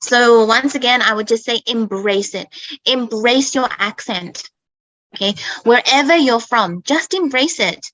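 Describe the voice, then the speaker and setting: A woman's voice: a little high, unhurried, fairly bright tone, dry recording, rough recording. A woman who grew up in Australia, hosting an online English chat in an emphatic way, often checking in with "okay?". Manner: emphatic, repeats herself, keeps asking "okay?". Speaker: host and English teacher. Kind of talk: casual online teaching chat.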